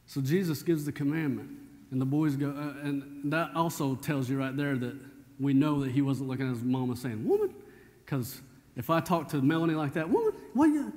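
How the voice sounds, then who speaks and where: A man's voice: mid-range voice, moderate pace, darkish tone. A man, preaching a sermon as pastor in a folksy, conversational storytelling way. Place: church sanctuary. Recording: church hall reverb.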